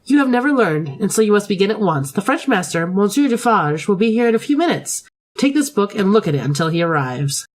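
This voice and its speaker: A strict, cold headmistress in a storybook game, as a woman acts her out. She scolds with a lively rise and fall in her voice. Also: medium pitch, fairly quick. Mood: stern.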